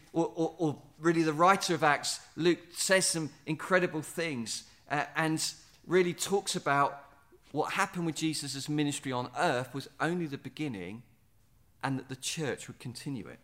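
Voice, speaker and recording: Earnest male preacher, slightly high voice. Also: a bit bright. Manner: earnest, repeats words, slows down for emphasis. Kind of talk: sermon. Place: standing in a building site or venue.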